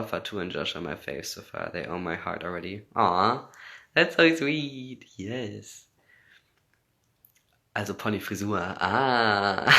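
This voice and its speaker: Native English-speaking man on a phone livestream, low and forceful, answers fan comments casually and moves between English and German. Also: gravelly. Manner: reads out comments, laughs often, switches between English and German.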